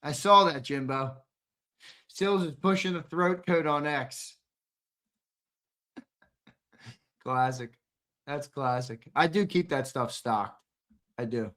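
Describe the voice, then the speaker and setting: Young male stream co-host, bright edgy voice, slightly strained, brash and teasing, swears freely. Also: on the high side, takes it slowly, long pauses. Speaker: live show co-host reading chat. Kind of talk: casual live-stream chat.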